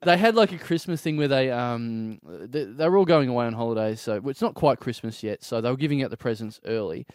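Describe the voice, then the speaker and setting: An Australian man co-hosting a casual comedy podcast, telling stories in an animated, jokey way. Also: mid-range voice, fairly quick, hardly any pauses, no room sound, clean studio sound. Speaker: co-host.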